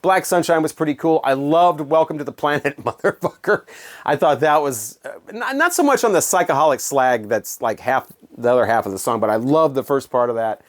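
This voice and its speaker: A man's voice: on the high side, expressive. A middle-aged man, a former radio DJ, telling rambling stories in a casual monologue full of fillers and restarts. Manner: rambling, many fillers and restarts, quick laughs. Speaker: former radio DJ and video host.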